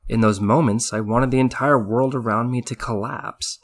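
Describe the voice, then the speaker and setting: A man narrating a short story in the first person in a measured, subdued way. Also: mid-range voice, fairly even intonation. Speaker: audiobook narrator.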